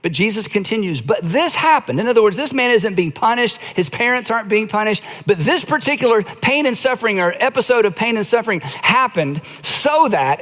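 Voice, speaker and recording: A middle-aged male pastor preaching a conversational sermon, slowing down to dramatize quoted lines. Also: high-pitched, expressive, a bit bright, in a large hall. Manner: conversational preaching, acts out quoted lines with slow emphatic phrasing.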